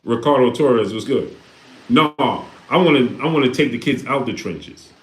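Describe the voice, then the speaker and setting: A man's voice: mid-range voice, expressive, normal speed. A man hosting a livestream, talking casually and preaching with repeated rhetorical questions. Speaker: live stream host reading Super Chats. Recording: echoey room.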